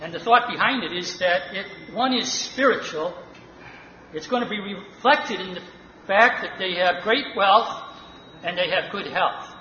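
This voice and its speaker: Slow, bright-voiced man in a reverberant hall. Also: sits high. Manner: slow, deliberate, reasoning aloud. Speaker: participant in a Bible study. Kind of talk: reflective Bible discussion. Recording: reverberant hall, muffled, faint noise.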